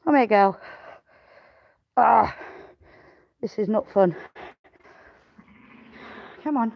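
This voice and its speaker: A woman's voice: fairly high pitch, expressive, extremely slow, gravelly, dull audio. A woman filming a farm vlog in a sheep pen, coaxing and urging a ewe while she works and talking to viewers between sighs. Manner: effortful, sighing, swears while wrestling a sheep. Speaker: farmer vlogger.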